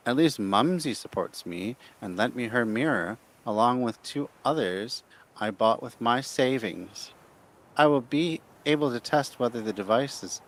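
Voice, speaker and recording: Guy doing a bratty whiny young inventor voice, pompous, pitched up. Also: a bit bright. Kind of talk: reading a note aloud in character.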